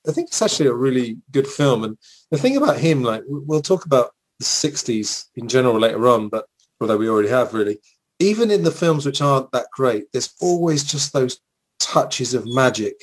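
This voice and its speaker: An English-accented man co-hosts a film podcast, rambling through nostalgic stories at a middle pitch. He strings his thoughts together with fillers and restarts. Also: very animated, brisk, slight background noise, low-quality recording. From England. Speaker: podcast co-host. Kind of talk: casual chat.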